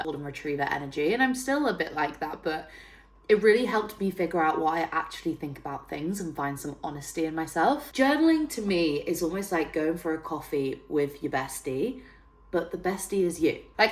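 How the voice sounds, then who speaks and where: A woman of thirty with a northern English accent, chatting to camera in a bubbly way, full of fillers. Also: fairly low pitch. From northern England. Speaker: fitness trainer and YouTuber. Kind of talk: casual vlog talk to camera.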